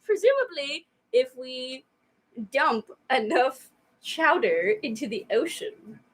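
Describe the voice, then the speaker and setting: A woman's voice: high voice, very animated, slow. A woman co-hosting a casual show, rambling and joking with a giggle. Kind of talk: casual chat.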